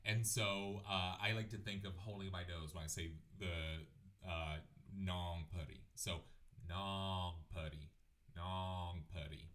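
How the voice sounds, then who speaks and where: A man teaching a language lesson, repeating words slowly and clearly. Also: sits low, bright, forceful tone. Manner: clear, drawn-out repetition of words; sings numbers in a chant. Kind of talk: slow, patient language lesson.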